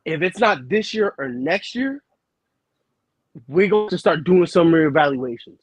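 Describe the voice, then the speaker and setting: A man's voice: on the high side, expressive, a little slow, husky, dry recording. A man co-hosting a sports talk show, bragging about his team with brash trash talk and heavy slang. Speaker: sports talk co-host, basketball fan. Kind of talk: casual sports banter.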